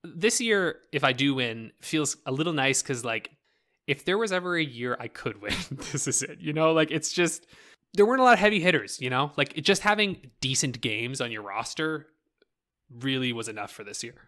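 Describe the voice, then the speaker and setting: A male podcast co-host in loose, chatty conversation. His voice swings all over the place and sounds bright and forward. He laughs easily and fills his talk with likes and ums. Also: medium pitch, moderate pace. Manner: animated, laughs often, filler-heavy. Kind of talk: casual chat.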